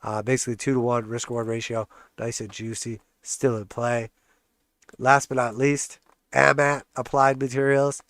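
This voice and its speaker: A man's voice: medium pitch, little pitch movement, normal speed, fairly bright tone, no room sound. Stuffed-up man streaming trading charts. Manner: casual, joking, hype-man cheering on charts. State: congested, stuffed-up nose. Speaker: trading channel host. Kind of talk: live stream chart commentary.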